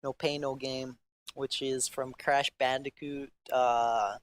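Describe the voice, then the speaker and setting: A man hosting a laid-back podcast, talking in an unhurried, drawn-out way at a middle pitch. His speech is halting and slangy, stuffed with fillers, and full of restarts as he thinks out loud. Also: little pitch movement, slight background noise. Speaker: podcast host. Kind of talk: rambling casual chat.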